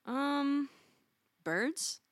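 A woman's voice: high-pitched, lively intonation, extremely slow. A woman interview guest, answering casually and candidly, laughing easily. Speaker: guest musician.

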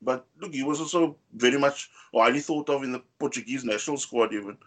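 A man co-hosting a casual football podcast, talking in an animated way with many fillers and pitch rising on key points. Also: quick pace. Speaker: podcast co-host.

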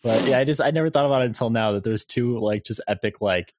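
A man's voice: medium pitch, quick pace, a little mellow, no echo, studio quality. A young man chatting casually about movies, laughing often and swearing easily as he tells rambling stories. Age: young adult.

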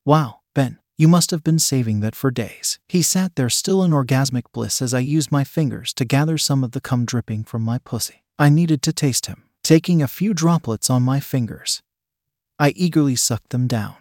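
A man reads a story aloud in a steady, unhurried first-person narration. His voice sits at an ordinary middle pitch. It is recorded close to the mic and sounds dry, with no room echo. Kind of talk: reading an erotic story aloud.

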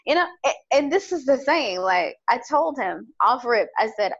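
A woman's voice: sits high, big pitch swings, moderate pace, hardly any pauses, slightly rough, highs cut off. A woman co-hosting a podcast, telling a dating story in casual chat and quoting the other people as she goes. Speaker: podcast co-host.

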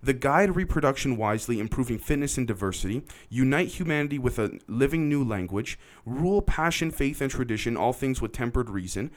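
A man hosting a podcast tells a story in a casual, rambling, conversational way, talking straight to his listeners. His medium-pitched voice is expressive and fairly quick, with few pauses.

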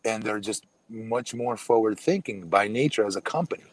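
A man's voice: fairly low pitch, moderate pace, dry recording. A man co-hosting a casual podcast, talking in a blunt, emphatic way. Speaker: podcast co-host. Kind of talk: casual wrestling chat.

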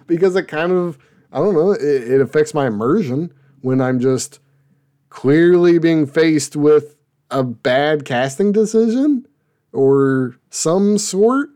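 A man's voice: medium pitch, darkish tone. A man hosting a casual show review, rambling and laughing, often stopping to restart his sentences. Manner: rambling, laughing, self-interrupting. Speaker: podcast host reviewing shows.

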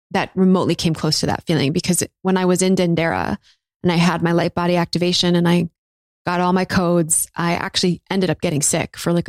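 A woman's voice: fairly low pitch, no room sound. A woman in her thirties hosting a solo podcast, talking candidly about spiritual matters and swearing casually. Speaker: podcast host. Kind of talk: reflective solo podcast monologue.

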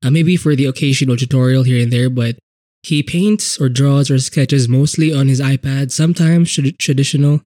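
A man's voice: medium pitch, fairly even intonation, normal speed, mellow, dry recording, clean studio sound. A man hosting a casual solo podcast, rambling with many fillers and frequent swearing, talking with a blocked nose. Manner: rambling, profane, lots of fillers. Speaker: podcast host.

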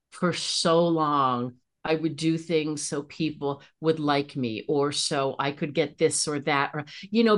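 A middle-aged woman talks as a podcast guest in a fairly low voice. She tells her stories with animation and jumps much higher when excited. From Pennsylvania. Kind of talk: casual interview chat.

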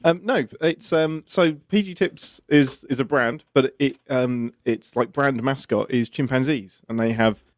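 A man's voice: medium pitch, unhurried, hardly any pauses, no echo. A man with an English accent, co-hosting a casual livestream chat and joking with dry, self-deprecating humor. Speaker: co-host.

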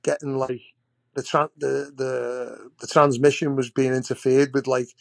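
A man spins loose, rambling anecdotes as a podcast guest. He restarts his sentences often and talks at an ordinary middle pitch. His voice sits close to the mic in a dry space with no room echo. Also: level tone, unhurried, creaky. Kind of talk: casual storytelling.

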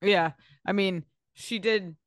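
A woman co-hosting a casual podcast chat about reality TV, animated and swearing, acting out quotes. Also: mid-range voice, takes it slowly, no echo, studio quality. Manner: animated, swearing, acts out quotes of cast members. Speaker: podcast co-host.

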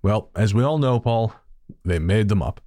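A man's voice: lowish voice, expressive, moderate pace, warm tone, no echo, studio quality. A man co-hosting a podcast in casual chat, wry and joking, swearing casually. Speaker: podcast co-host.

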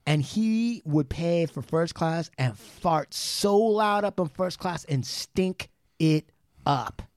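Podcast co-host, male, high animated voice, loose profane storyteller, dry close mic. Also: takes it slowly, no room sound. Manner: animated storyteller, swearing, mimics people in anecdotes. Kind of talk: casual chat.

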